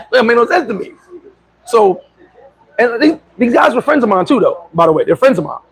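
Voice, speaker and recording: Husky middle-aged guy, kinda high voice, boasting and cussing on a live stream. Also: fairly quick, low-quality recording. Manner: boastful, animated, swearing, laughing often. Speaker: vlogger. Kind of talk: casual storytelling on a livestream.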